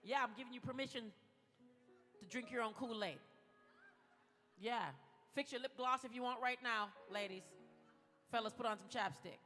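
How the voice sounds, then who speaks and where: A woman's voice: a little high, moderate pace, long pauses, pushed and bright. A woman giving a playful motivational speech at a gala and leading the audience through spoken mantras. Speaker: gala speaker. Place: large event hall. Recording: echoey hall with music.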